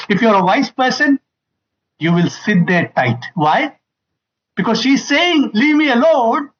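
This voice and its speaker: A man addresses an audience in an emphatic talk, his voice high and swinging widely in pitch. He hammers home key phrases and acts out the lines he quotes. The recording sounds dull and muffled. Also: big pitch swings, slow pace, fairly bright tone. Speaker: family seminar speaker.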